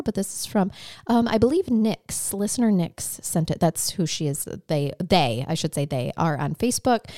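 A woman's voice: fairly low pitch, mellow, no room sound, studio quality. A young adult woman co-hosting a podcast, telling stories in a chatty, laughing way. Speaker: podcast co-host. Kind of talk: casual chat.

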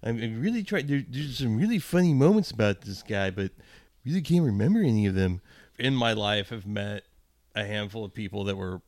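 A man's voice: on the low side, animated, brisk, a little mellow, dry recording. A man co-hosting a podcast, chatting casually, telling jokey stories and swearing freely. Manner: joking, storytelling, swears freely. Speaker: podcast co-host. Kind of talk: casual chat.

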